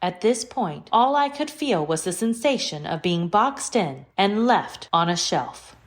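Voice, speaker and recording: A woman's voice: lowish voice, lively intonation, measured pace. A woman voicing a prim formal AI computer. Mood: calm. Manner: precise formal diction, no contractions. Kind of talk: audio drama acting.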